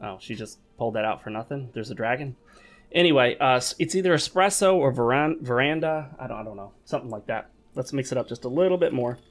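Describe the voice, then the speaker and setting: A man's voice: mid-range voice, animated, fast talker. Man with a mid-range voice, gaming host who rambles chattily to viewers between moves. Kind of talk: casual gameplay commentary. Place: home gaming desk.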